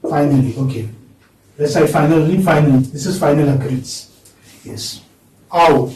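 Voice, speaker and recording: A man's voice: on the high side, normal speed, a little mellow. A man with an Indian English accent lecturing a class of students, repeating words and prompting them with questioning hums. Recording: echoey classroom, distant mic.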